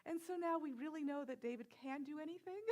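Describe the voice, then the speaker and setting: A woman minister giving a conversational sermon, telling personal stories with soft whispered asides. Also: high voice, fast. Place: church sanctuary.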